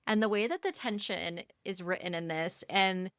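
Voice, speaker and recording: A woman's voice: mid-range voice, normal speed, a bit bright, clean tone, no echo, clean studio sound. A woman co-hosting a book podcast, chatting casually and animatedly about a novel and acting out the characters' lines. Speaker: podcast co-host.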